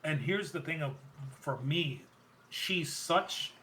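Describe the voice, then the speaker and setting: This podcast host speaks slowly in a fairly high-pitched male voice. His casual wrestling recap rambles along with excited retelling, and he keeps stopping to correct himself partway through sentences.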